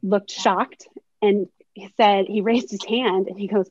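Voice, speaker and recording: A woman's voice: medium pitch, fairly even intonation, a little slow, a little mellow, slightly rough, dry recording. A woman in her thirties, a sports agent speaking as a webinar guest, telling candid anecdotes in a reflective way. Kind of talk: webinar conversation, storytelling. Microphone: video call. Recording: slightly dull lo-fi video call audio.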